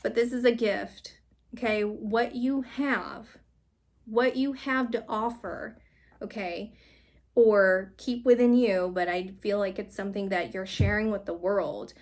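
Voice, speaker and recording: A woman's voice: medium pitch, fairly even intonation, measured pace. A woman giving a casual tarot card reading, rambling and encouraging, and often breaking into laughter. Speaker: tarot reader.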